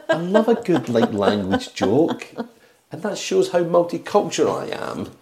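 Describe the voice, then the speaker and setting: A man's voice: a little high, very animated, a little slow, a little mellow. A man with a British accent, co-hosting a casual film podcast, playful and teasing as he retells scenes. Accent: British English. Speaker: podcast co-host. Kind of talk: casual chat.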